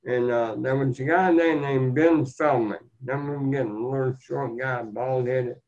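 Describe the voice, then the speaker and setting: Older male guest, gravelly voice, folksy earnest storytelling, muffled lo-fi sound. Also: medium pitch, fairly even intonation, normal speed, darkish tone. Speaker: guest, motivational speaker. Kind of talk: storytelling interview talk. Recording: dull lo-fi sound.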